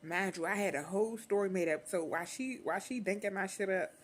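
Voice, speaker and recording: A young adult woman vlogger telling a storytime in casual, slangy, profane talk, animated and unfiltered. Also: medium pitch, fairly quick, husky.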